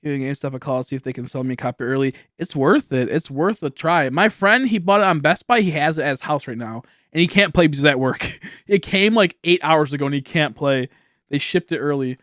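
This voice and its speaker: A young man streams from home, talking to his chat in a loose, rambling way and breaking into laughter often. His voice sits a little high for a man. The sound is dry and close to the mic. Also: expressive, fast talker, fairly bright tone, no room sound. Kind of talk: casual live-stream chat.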